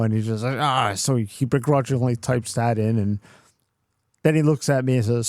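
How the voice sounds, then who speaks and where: A man's voice: medium pitch, normal speed, darkish tone, no room sound, clean studio sound. A middle-aged man co-hosting a podcast, telling a workplace story in a cursing, ranting way. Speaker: podcast co-host. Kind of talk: casual chat.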